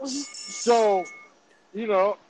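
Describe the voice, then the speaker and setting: High-voiced, profane man telling a story. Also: extremely slow, faint music behind, poor audio. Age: about 40. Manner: animated, profane, laughing. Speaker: podcast host. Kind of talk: casual storytelling.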